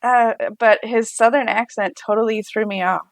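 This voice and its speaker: A woman's voice: a little high, steady tone, normal speed, no echo. A woman co-hosting a podcast in casual chat, talking frankly and filling her sentences with "like". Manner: chatty, frank, many filler likes. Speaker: podcast co-host.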